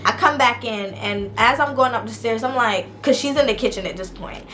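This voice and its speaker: A young woman vlogger telling a personal story in a casual, animated way, talking straight to her viewers. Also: a little high, fairly quick, a little hiss or hum.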